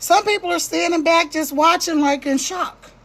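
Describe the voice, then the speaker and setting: A woman's voice: very high voice, moderate pace, creaky, fairly bright tone. A woman giving an impassioned monologue, checking in with her listeners again and again. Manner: passionate, repeats "right?" to check in with listeners.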